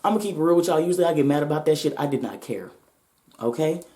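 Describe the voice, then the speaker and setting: A woman's voice: deep voice, animated, very fast, dark tone, echoey room. A woman vlogger telling a personal story to her viewers, blunt, profane and emphatic, her voice shaking with nerves.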